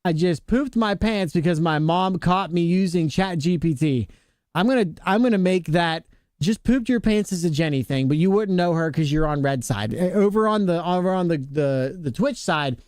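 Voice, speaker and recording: A man's voice: a little high, normal speed, a little mellow, clear, resonant tone, no echo, clean studio sound. A male streamer chatting casually with viewers, joking around, laughing often and greeting chatters by name.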